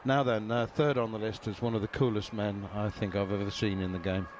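Measured male cricket interviewer. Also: lowish voice, level tone, darkish tone, a little hiss or hum. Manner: measured, reciting stats, hesitant fillers. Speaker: host, interviewer. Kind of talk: casual interview.

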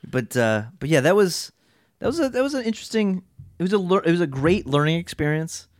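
A man in casual podcast chat, spinning an animated story and jumping into other people's voices to act them out. His voice sits a bit high, and he swears freely. The sound is dry and close, with no room echo. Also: fairly quick.

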